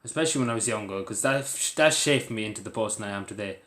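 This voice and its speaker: A man's voice: fairly low pitch, fast, a bit bright, reverberant. A man with an Irish accent talking earnestly to camera in a rambling, casual way, full of fillers and restarts. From Ireland. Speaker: vlogger.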